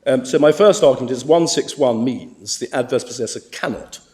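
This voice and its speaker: A man speaks as a barrister before the bench in a courtroom. His delivery is formal and deliberate, with frequent repeated words as he restarts his phrases. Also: mid-range voice, warm tone. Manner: measured, with frequent stammered restarts. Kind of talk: formal legal submissions.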